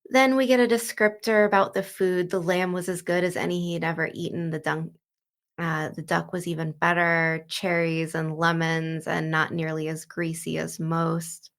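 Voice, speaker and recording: A woman's voice: fairly low pitch, little pitch movement, moderate pace. A woman hosting a book walkthrough, retelling the story in a loose, chatty way full of "like" and "you know.". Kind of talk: casual book commentary and retelling.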